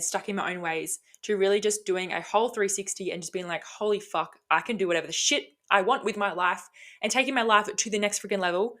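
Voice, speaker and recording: Sweary upbeat woman podcaster. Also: medium pitch. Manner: energetic, sweary, motivational. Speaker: podcast host. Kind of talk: casual solo podcast talk.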